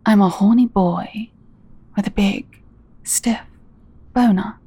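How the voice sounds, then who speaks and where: A woman performing a scripted dominant audio role-play, speaking in a teasing, commanding way and often dropping into soft whispers. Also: medium pitch, dry recording. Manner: teasing, commanding, slow and deliberate; soft-spoken, drops into breathy whispers.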